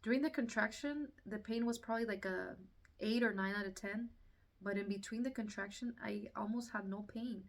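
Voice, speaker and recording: A woman's voice: mid-range voice, moderate pace, creaky, recorded from a distance. A woman casually telling her own story, acting out what people said and laughing through the tense parts.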